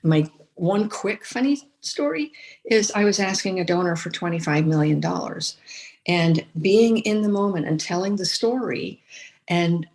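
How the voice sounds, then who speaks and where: Older woman guest, veteran fundraiser, lower register, anecdotal and animated with lots of restarts. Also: unhurried, gravelly. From United States. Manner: storytelling, animated, many restarts and repeated words. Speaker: guest, former chief fundraiser. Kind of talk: conversational podcast interview.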